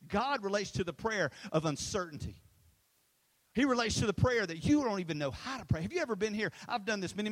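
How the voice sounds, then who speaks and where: A middle-aged pastor, his voice sitting high for a man. He preaches with passion, calls on the congregation to answer back, and drops from loud emphatic lines to hushed ones. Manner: swings between loud emphatic lines and low quiet ones. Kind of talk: sermon.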